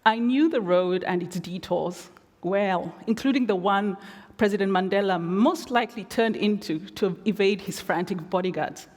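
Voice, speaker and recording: A woman giving a lecture as reflective storytelling, measured with wry asides, in a large theatre. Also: medium pitch, a little mellow. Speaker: guest lecturer. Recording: long theatre reverb.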